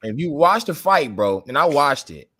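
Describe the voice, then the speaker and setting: A man co-hosting a casual fight watch chat, exclaiming and reacting with animated outbursts. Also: a little high, normal speed, breathy edge. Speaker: co-host of fight watch commentary.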